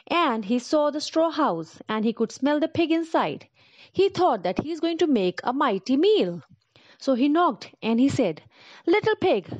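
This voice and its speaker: Animated woman telling a kids' story. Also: a little high, dry recording. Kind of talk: children's story narration. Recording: dull lo-fi recording.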